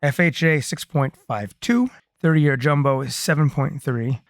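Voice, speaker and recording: A man co-hosting a real estate market update, joking around and reading figures slowly. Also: fairly high pitch. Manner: joking, reads figures slowly and rounds them off. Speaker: co-host reading market statistics. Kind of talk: casual podcast chat.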